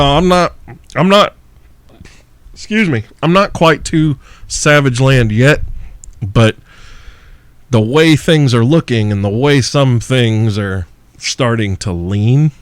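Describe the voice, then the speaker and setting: A man's voice: medium pitch, no room sound. A man hosting a podcast and answering listener questions, ranting in a brash, profane, mocking way with frequent laughter. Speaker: podcast host.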